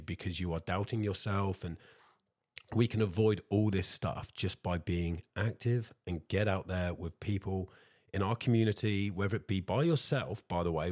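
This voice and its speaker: A man's voice: low-pitched, darkish tone, dry recording, studio quality. A man hosting his own solo podcast, talking casually and chattily to his listeners, calling them guys and circling back with "like I said". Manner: talkative, addresses listeners as guys, repeats himself. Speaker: podcast host. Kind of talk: solo motivational podcast chat.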